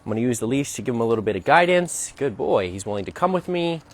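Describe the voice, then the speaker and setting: A man's voice: mid-range voice, sing-song, quick pace, a little hiss or hum. A man working as a dog trainer, explaining a training session outdoors as he goes and often checking in with "right?". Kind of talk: narrated training demonstration.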